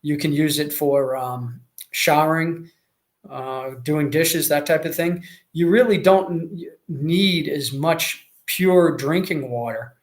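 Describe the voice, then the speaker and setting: A man's voice: on the high side, slow. An American man hosting a casual livestream, reading viewer comments and chatting in a rambling way with lots of fillers and restarts. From United States. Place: Mexico.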